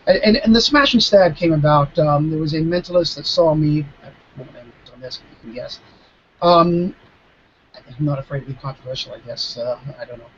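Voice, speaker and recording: A man in his fifties, a mentalist guest, explaining his craft in a live video Q&A with emphatic, animated storytelling and frequent restarts. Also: on the high side, a little fast, breathy edge, lo-fi sound. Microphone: video call.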